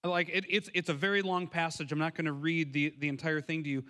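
A man's voice: on the high side, steady tone, fast talker, sharp tone. A man in his thirties preaching a sermon, telling a personal story earnestly with many restarts. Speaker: pastor.

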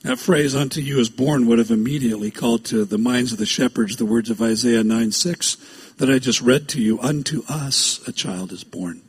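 A man preaching a sermon as a pastor, reading scripture aloud with slow, stressed phrasing and breaking off into quick asides. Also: medium pitch, breathy edge.

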